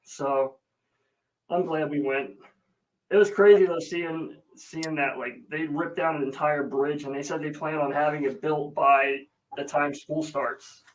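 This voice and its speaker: A man hosting a casual livestream, his voice sitting a touch higher than most men's. He talks in a loose, rambling way, full of fillers and side comments, and stops mid-story to greet viewers by name. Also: fairly even intonation, a little slow, rough recording. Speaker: livestream host. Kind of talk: casual live chat.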